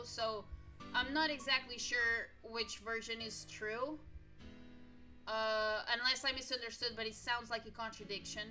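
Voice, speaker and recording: Female streamer, casual game commentary, thinks aloud, bright crisp voice. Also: a little high, steady tone, slow, pauses often, soft background music. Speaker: gaming streamer. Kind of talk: reading and commenting while playing a story game.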